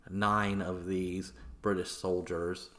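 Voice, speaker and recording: एक आदमी पॉडकास्ट होस्ट के रूप में अनौपचारिक अंदाज़ में इतिहास की कहानी सुना रहा है, बीच-बीच में गालियों और "like" जैसे भराव शब्दों के साथ।. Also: male voice, low voice, level tone, slow, fairly bright tone. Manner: casual, swearing, filler-heavy. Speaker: podcast host. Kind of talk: casual history storytelling.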